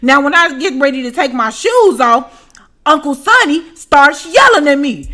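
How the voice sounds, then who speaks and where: A woman telling a story to her viewers in a casual, profane, animated way, often asking if you know what she's saying. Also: high-pitched, moderate pace, faint music behind. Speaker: storytime vlogger.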